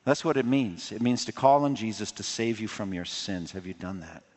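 A man preaching a sermon with passion, surging louder on key points and dropping low and quiet for personal appeals. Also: expressive, moderate pace, breathy edge. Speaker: pastor. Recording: long hall reverb.

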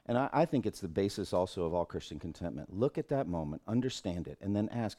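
A middle-aged man teaching scripture to a group as their pastor. His voice sits a little low, and he speaks earnestly, thinking aloud and restarting phrases as he goes. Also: expressive, fast talker, warm tone. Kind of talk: teaching a Bible class.

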